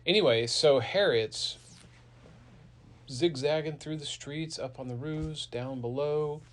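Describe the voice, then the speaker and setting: A man's voice: fairly high pitch, slow. A man improvising a playful story for a child, with sound effects and an easy, chatty delivery. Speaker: parent telling a bedtime story.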